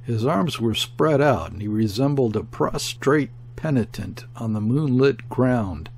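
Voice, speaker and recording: A man reading a classic novel aloud in a measured, deliberate audiobook narration. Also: mid-range voice, lively intonation, a little mellow, a little hiss or hum.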